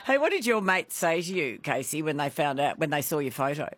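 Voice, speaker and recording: A man's voice: fairly high pitch, big pitch swings, brisk, fairly bright tone. Chatty Australian radio host man. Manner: chatty, laughs often. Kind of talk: talkback radio chat.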